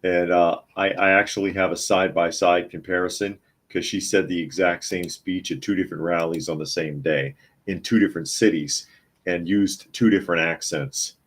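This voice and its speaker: A man's voice: low voice, steady tone, moderate pace. A man hosting a live news talk podcast from his home office, chatting casually and reading headlines aloud with his own comments. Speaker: podcast host.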